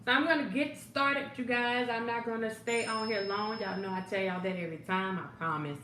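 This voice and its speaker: A woman's voice: on the high side, brisk, sharp tone. A woman life coach hosting a casual livestream, greeting viewers by name in a laid-back way with frequent ums and laughs. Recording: echoey room, faint background noise.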